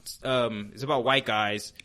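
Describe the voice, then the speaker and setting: A man's voice: medium pitch, steady tone, normal speed, sharp tone. A man hosting a comedy podcast, chatting casually, rambling with lots of ums as he hunts for names, swearing freely. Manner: rambling, profane, with many ums and searching for names. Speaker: podcast host.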